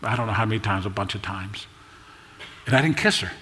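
A man in his sixties preaching a sermon, storytelling in a conversational way with jokes and quick asides. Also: lowish voice, sharp tone. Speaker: pastor. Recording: long echo of a large hall.

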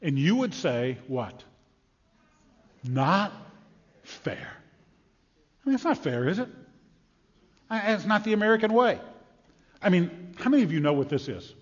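A man preaching a sermon in a lively, conversational way, acting out quotes as he goes. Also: high-pitched, brisk, pauses often, big-room sound, lo-fi sound. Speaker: pastor.

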